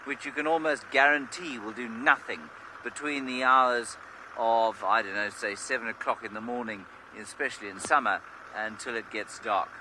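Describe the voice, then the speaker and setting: A man working as a safari guide, giving relaxed, chatty commentary from an open vehicle on a live game drive. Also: medium pitch, normal speed. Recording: outdoor mic with clear background noise.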